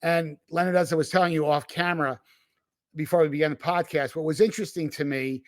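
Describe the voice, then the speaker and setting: A man hosting a tech podcast in casual chat, talking in an animated way with lots of fillers and restarts. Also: on the high side, fast, no room sound. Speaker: podcast host and tech analyst. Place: remote recording.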